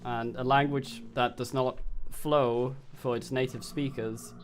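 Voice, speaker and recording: A man's voice: mid-range voice, little pitch movement, unhurried, slight background noise. A man streaming a video game, rambling and joking with lots of swearing as he plays. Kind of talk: casual gameplay commentary.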